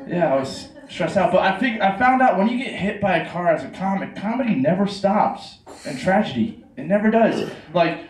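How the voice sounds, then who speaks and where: New comedian on a roomy club stage. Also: male voice, sits high, animated. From New York. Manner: rambling, self-mocking, quick asides to the crowd. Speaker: stand-up comedian. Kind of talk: stand-up comedy set. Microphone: handheld stage mic heard from the room camera. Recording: roomy club sound from a distant camera. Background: audience laughter.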